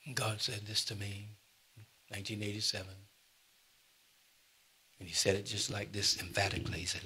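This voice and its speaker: Older preacher, husky bright voice. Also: male voice, fairly low pitch, flat delivery, moderate pace, long pauses. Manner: preaching with sudden loud emphasis and asides to the congregation. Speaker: pastor. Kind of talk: sermon. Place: church.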